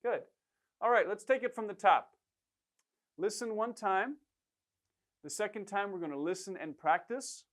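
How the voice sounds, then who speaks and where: A man's voice: high voice, expressive, a little slow, pauses often, a bit bright. Patient man coaching language drills. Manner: patient, encouraging, repeats prompts. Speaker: Korean language instructor.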